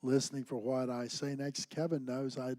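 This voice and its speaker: A man with an ordinary middle-range voice co-teaches a church class. He tells personal stories in a lively, anecdotal way, and the recording is dry and close. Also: medium pitch, moderate pace, no echo. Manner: anecdotal, animated storyteller. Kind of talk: conversational church class talk.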